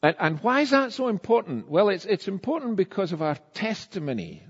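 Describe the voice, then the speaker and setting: A man's voice: high voice, brisk, breathy edge. Man preaching in a reverberant hall. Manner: conversational, animated storytelling with acted-out quotes. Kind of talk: sermon. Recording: dull sound with long reverb in a church hall.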